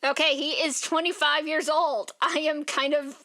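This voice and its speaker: A tired young woman rambles through a casual vlog chat, leaning on "like" in nearly every phrase. Her voice sits a little high, and she sounds worn out and sleepy. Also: fairly even intonation, a little slow, sharp tone. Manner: rambling, filler-heavy, says "like" constantly. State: tired, yawning. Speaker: art vlogger.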